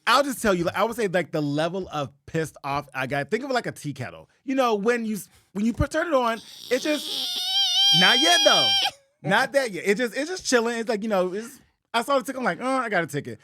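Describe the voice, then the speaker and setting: A high-pitched man, ranting through a story on a podcast. His voice swings widely up and down as he vents, recorded close and dry with no room sound. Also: fast talker, no echo. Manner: animated, profane ranting storyteller. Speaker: podcast co-host. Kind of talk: casual chat.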